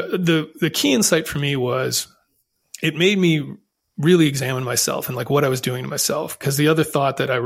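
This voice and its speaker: A man's voice: medium pitch, vocal fry, fairly bright tone, slightly rough. A man telling his own story as a podcast guest, in an earnest, reflective way with frequent restarts. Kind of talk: candid conversational storytelling.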